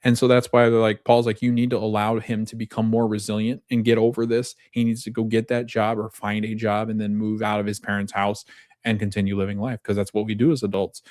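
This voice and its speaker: A man hosting a podcast, retelling a TV episode in casual chat, animated, with lots of fillers and laughs. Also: on the low side, a little fast, dry recording, studio quality. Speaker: podcast host recapping a TV episode.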